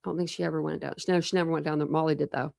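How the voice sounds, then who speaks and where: A woman's voice: deep voice, level tone, very fast, creaky, a little mellow, no room sound, studio quality. A woman hosting a casual true crime livestream, rambling chattily with lots of fillers and restarts.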